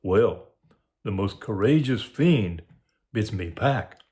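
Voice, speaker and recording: A man's voice: fairly low pitch, lively intonation, takes it slowly, dark tone. A man reading aloud as a young male comic servant, torn between leaving his master and staying. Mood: torn, dithering. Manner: dithering, argues both sides. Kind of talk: dramatic reading of a soliloquy.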